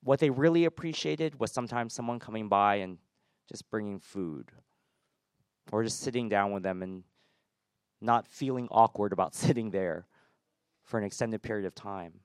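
A man's voice: fairly low pitch, moderate pace, pauses often, clear, resonant tone, no room sound, clean studio sound. A man giving a conversational sermon as a pastor, informal with self-deprecating humor.

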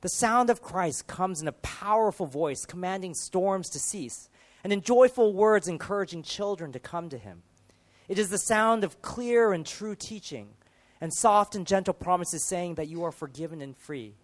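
A man preaching a sermon, building through emphatic rhetorical questions and dropping to quieter moments. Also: high voice, animated, normal speed.

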